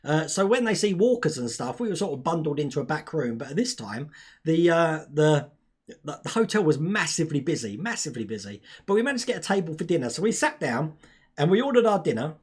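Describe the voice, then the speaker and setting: Husky, chatty man on a live stream. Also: on the high side, sing-song, fast talker. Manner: chatty, laughing often, reads viewer comments aloud. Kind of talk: casual live-stream chat.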